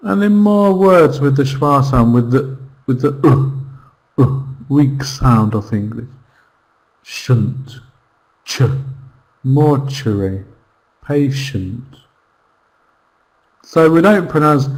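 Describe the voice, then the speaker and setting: Man, online english lesson, very slow unhurried delivery, patient, repeats pronunciations. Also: mid-range voice, low-quality recording. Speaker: English teacher.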